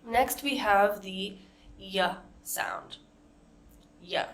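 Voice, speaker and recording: A woman with an American accent teaching a pronunciation lesson, modeling example words slowly and carefully. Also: medium pitch, creaky. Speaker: accent coach.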